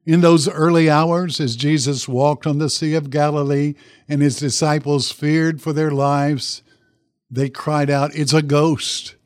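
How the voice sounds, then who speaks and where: Male pastor preaching, kinda high voice, dry sound, tells the story w/ drama and asks the crowd questions. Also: a little mellow, dry recording. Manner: dramatic storytelling with acted quotes and questions to the congregation. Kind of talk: sermon.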